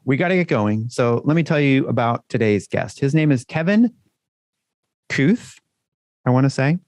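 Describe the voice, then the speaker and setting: A man co-hosts a podcast in easy, joking banter, with plenty of swearing. His voice sits at an ordinary middle pitch, and the close mic leaves the sound dry. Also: animated, normal speed, a little mellow, no echo. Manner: chatty, joking, swears freely. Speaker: podcast co-host.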